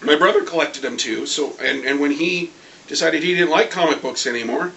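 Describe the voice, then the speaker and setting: A man with a high voice rants about comics in an angry video review. His tone is bright and sharp, and he gets excitable and swears often. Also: fairly quick, gravelly, slight background noise, low-quality recording. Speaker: comic book fan vlogger.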